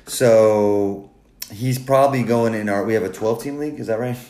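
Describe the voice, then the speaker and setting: A man with a fairly low voice chats casually as a podcast co-host. He rambles, restarts his sentences and jokes around. The sound is roomy and echoey. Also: dark tone. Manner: rambling, halting, joking. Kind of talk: casual chat. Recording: roomy echo.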